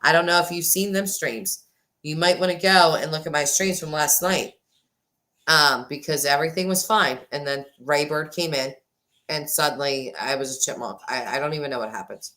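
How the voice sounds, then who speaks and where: At normal speed and in a low-pitched voice, a forty-something woman hosts a relaxed livestream, chatting and thanking viewers. Her desk microphone glitches now and then, and her energy moves back and forth between excited and subdued.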